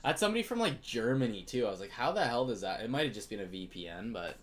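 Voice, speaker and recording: A man's voice: medium pitch, big pitch swings, fast. A young Canadian man hosting a live card break stream, chatting casually and greeting viewers by name.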